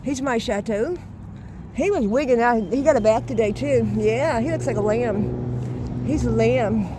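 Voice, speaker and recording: A woman in her sixties spinning a rowdy tale in her yard, salty and quick to laugh. She talks casually at a middling pitch. Faint noise hangs behind her outdoors. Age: 60s. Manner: laughing, salty, boisterous storyteller. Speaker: vlogger. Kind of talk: casual storytelling.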